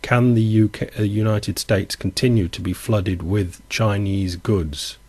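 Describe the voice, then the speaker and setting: A man walks through economic charts in a loose, conversational way, slipping in sardonic remarks. His voice sits fairly low. The recording is dry, with no room sound. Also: fairly even intonation, measured pace, darkish tone, dry recording. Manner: wry, sardonic asides. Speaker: economics commentator. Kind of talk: casual commentary over charts.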